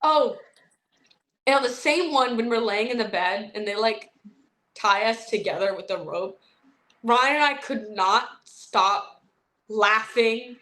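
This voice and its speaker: A young woman, an actress, chatting casually in an interview, telling animated stories with lots of fillers. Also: a little high, slow pace, long pauses.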